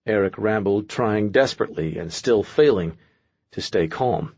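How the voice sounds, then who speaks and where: A man narrating a fantasy audiobook in measured storytelling. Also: lowish voice, lively intonation, darkish tone, slightly rough, dry recording, lo-fi sound.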